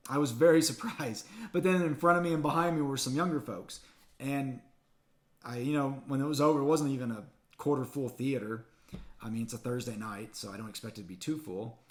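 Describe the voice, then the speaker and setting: A man reviewing a movie in a casual spoken recap, retelling the plot in an excited, chatty way with quick restarts. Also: mid-range voice.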